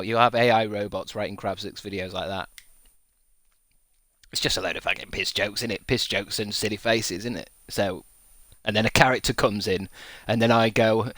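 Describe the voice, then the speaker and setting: Low-voiced guy streaming, rambly sweary jokes, dry close sound. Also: steady tone, normal speed, a bit bright, no room sound. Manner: rambling, jokey and profane, laughs at his own gags. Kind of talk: casual chat to a live stream.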